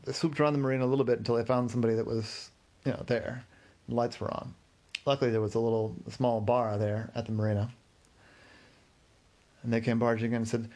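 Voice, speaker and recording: A man's voice: mid-range voice, flat delivery, quick pace, pauses often, darkish tone. A man narrating an improvised story in a rambling, self-correcting way.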